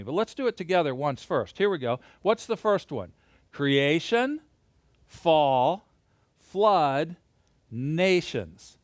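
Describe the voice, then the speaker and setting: A man teaching a Bible lesson to a camera, animated and playful, leading hand motions. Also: high-pitched, dry recording, clean studio sound. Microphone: camera mic.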